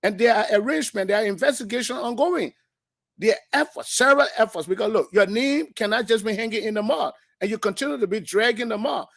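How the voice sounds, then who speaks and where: A man's voice: sits high, quick pace, creaky, a bit bright, no room sound, clean studio sound. A man, a lawmaker defending his position on a political talk show, speaking emphatically and restarting his sentences.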